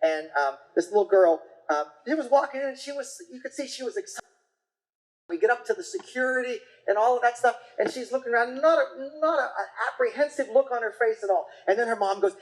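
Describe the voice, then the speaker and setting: A lecturer talks through acupuncture practice in a loose, conversational way. The voice sits at a middle pitch and keeps breaking off to restart sentences, filling gaps with fillers. Now and then it briefly acts out what a patient or parent said. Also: animated, a little fast, low-quality recording. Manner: chatty, rambling with frequent restarts and fillers. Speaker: acupuncture teacher. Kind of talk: casual lecture.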